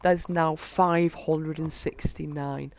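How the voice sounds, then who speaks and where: Brief: male gaming host, slightly high voice with gravelly fry, reads item lists haltingly, casual walkthrough tone. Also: fairly even intonation. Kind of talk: casual game walkthrough commentary.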